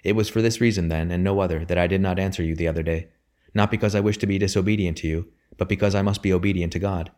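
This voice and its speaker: A man's voice: low-pitched, fairly even intonation, fast talker, a little mellow, natural voice. A man voicing a dutiful young son who speaks formally and respectfully yet holds firm. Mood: earnest. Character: earnest dutiful young son, humble but steadfast.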